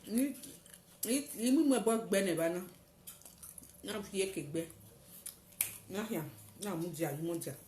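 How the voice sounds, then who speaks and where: A woman with a Nigerian Pidgin accent tells a personal story dramatically, acting out the shouts of the people in it. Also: mid-range voice, a little slow, long pauses. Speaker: testifier. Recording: roomy echo, faint noise.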